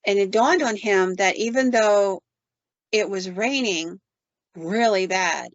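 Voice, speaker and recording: A woman's voice: medium pitch, slow pace, no echo. Woman telling a spooky story casually. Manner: animated, conversational, quotes with "like". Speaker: podcast host. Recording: dull, dry sound.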